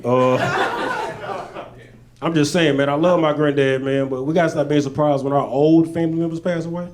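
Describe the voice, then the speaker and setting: A man from Arkansas, doing stand-up storytelling on stage with laid-back, deadpan asides. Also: medium pitch, brisk, a crowd in the background. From Little Rock, Arkansas. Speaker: stand-up comedian. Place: stage at a live show.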